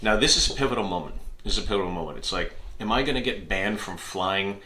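Animated man telling a story. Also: lowish voice, fast talker. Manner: animated, acts out characters, laughs at himself. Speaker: comedian podcast host. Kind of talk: storytelling monologue. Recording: echoey room.

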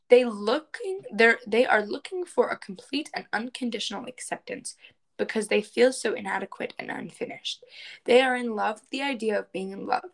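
A woman's voice: medium pitch, creaky, rough recording. Chatty woman hosting a podcast. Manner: chatty, reads astrology text aloud. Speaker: podcast co-host. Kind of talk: casual chat and reading aloud. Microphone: remote call recording.

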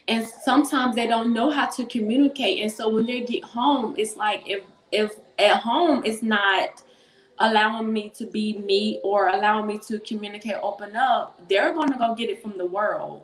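Earnest woman, echoey room. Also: fairly high pitch. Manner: earnest, repeats phrases for emphasis. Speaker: mother and book co-author on a panel. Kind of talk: encouraging panel talk. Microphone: phone.

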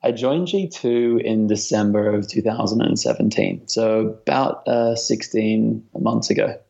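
A chatty Australian man around thirty talks loosely and with humor, leaning on fillers. His voice sits on the low side. The sound is somewhat dull and lo-fi. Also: a little slow, gravelly, warm tone. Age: late 20s to 30. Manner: chatty, self-deprecating, many fillers. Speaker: guest, marketing executive. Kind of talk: casual interview.

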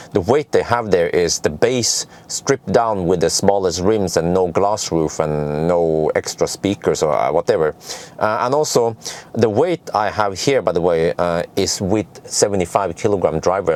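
Halting man explaining car tests. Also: on the low side, a little mellow. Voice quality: non-native English, halting with many fillers and restarts. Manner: chatty, digressive, laughs at own jokes. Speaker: car reviewer. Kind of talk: casual explainer.

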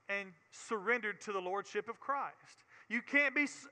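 A man's voice: high-pitched, normal speed, hardly any pauses, sharp tone, big-room sound. A man with a Southern US accent teaching a Bible sermon in an earnest way, often repeating words and building to emphatic preaching.

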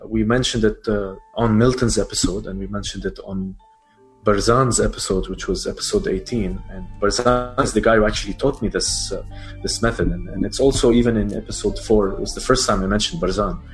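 A man's voice: fairly low pitch, steady tone, brisk, faint music behind. A man talking as a podcast guest in casual, rambling chat full of fillers, laughing easily.

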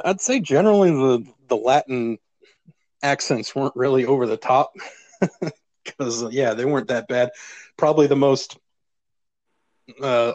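A man co-hosting a podcast, chatting casually about a movie, relaxed, laughing often and swearing now and then. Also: mid-range voice, no room sound. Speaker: podcast co-host. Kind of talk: casual movie review chat.

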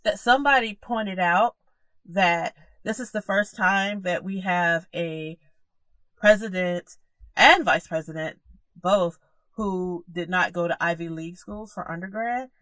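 A woman's voice: on the low side, measured pace, a bit bright, dry recording. A woman co-hosting a casual podcast, emphatic and opinionated, often repeating herself for stress. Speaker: podcast co-host. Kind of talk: casual chat about current events.

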